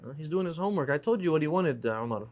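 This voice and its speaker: A man leads a classroom lesson, slightly high-pitched and easygoing. He jokes with his students and reads examples aloud to explain them. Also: rapid-fire. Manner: relaxed, joking, explains by reading examples aloud. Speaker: Arabic teacher.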